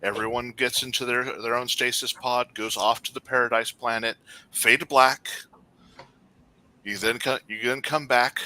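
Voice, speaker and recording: A man's voice: medium pitch, steady tone, normal speed, sharp tone, no echo. A man co-hosting a podcast in casual chat, rambling with many restarts as he critiques. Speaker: podcast co-host.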